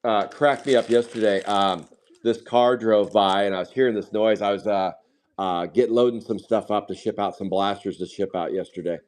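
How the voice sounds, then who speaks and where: A man's voice: on the low side, fairly even intonation, moderate pace, darkish tone. A man chatting casually while opening trading card packs on a live stream, drifting into rambling side stories. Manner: rambling, sidetracked anecdotes.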